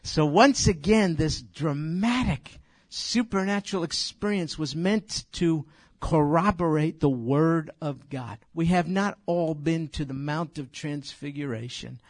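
A man's voice: on the high side, slow, no echo, clean studio sound. An older man leading an informal Bible study, emphatic and conversational, speaking directly to his listeners. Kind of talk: informal Bible teaching to a group.

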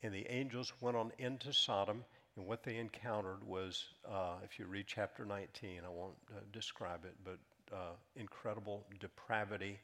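A man preaching a sermon, reading scripture aloud and explaining it, climbing in pitch and loudness on emphatic lines and dropping to a soft hush on key phrases. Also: steady tone, moderate pace, few pauses. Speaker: pastor.

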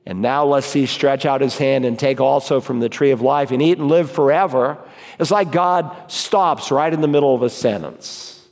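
A man, a pastor, preaching an emphatic sermon and reading scripture slowly and deliberately. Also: on the high side, darkish tone. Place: church sanctuary. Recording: long reverb of a church hall.

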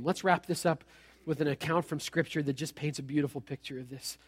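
A male pastor preaching a sermon in a lively, conversational way with playful asides. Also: on the high side, brisk, breathy edge. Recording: long hall reverb.

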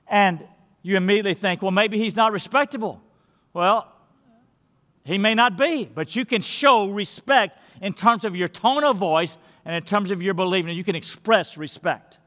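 A man preaching a sermon as pastor, emphatic and swinging from loud declarations to hushed lines. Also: sits high, expressive, moderate pace. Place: church sanctuary. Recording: long church reverb.

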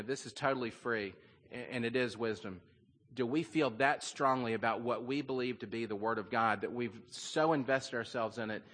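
A man's voice: mid-range voice, fairly bright tone. A man preaching a sermon, telling a story in an earnest, conversational way with frequent fillers. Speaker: pastor. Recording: long reverb of a large hall.

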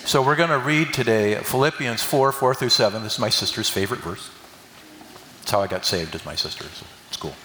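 A man's voice: fairly low pitch, brisk, pushed and bright. An older man giving a folksy sermon with jokes and call-and-response with the congregation. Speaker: preacher. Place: church hall. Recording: echoey hall from a distance.

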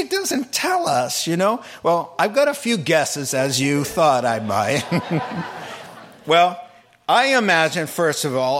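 Male preacher, higher-pitched, animated storyteller who jokes as he preaches. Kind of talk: sermon.

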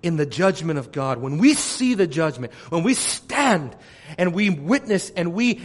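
A man preaching a sermon with passion, swinging between loud declarations and hushed, almost whispered lines. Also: high-pitched, sing-song, unhurried. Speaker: pastor.

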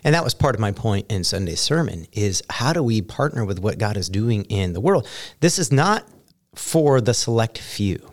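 A man who is a pastor talking casually about faith, telling stories in an animated way. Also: fairly low pitch, moderate pace.

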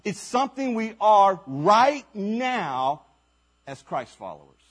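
A man's voice: high voice, very animated, takes it slowly, husky. A man preaching a sermon as pastor at a church service, speaking emphatically with rhetorical questions and repeated phrases.

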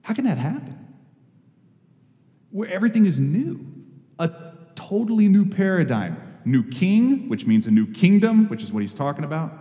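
A man's voice: high voice, big pitch swings, moderate pace, long pauses, mellow, in a large hall, dull audio. A man preaching a conversational, earnest sermon with sudden emphatic rises. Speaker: pastor.

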